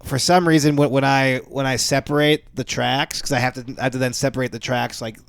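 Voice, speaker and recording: A man co-hosting a podcast, chatting loosely and cursing freely. He stumbles and restarts his sentences as he goes. His voice sits at a middling pitch, recorded close and dry. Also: level tone, fairly quick, gravelly, clean tone, no echo. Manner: rambling, swears often, stumbles and restarts. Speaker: podcast co-host. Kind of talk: casual podcast chat.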